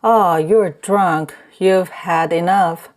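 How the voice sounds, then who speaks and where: A woman reading an audiobook, voicing a man who calmly scolds and questions his drunk friend. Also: on the low side, slow pace. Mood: mild scolding. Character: wary man drinking companion.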